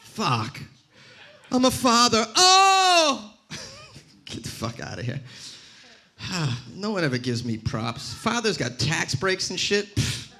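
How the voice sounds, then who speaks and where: A man's voice: a little high, huge pitch swings, takes it slowly, fairly bright tone, breathy edge. A man in his thirties doing a stand-up set on a comedy club stage, ranting sarcastically and talking back to the crowd. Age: 30s.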